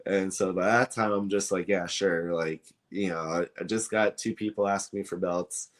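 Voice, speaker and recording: Low-voiced man telling a story. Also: fairly even intonation, normal speed. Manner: rambling, many fillers, re-enacts dialogue. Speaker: belt maker, guest. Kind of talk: casual storytelling interview.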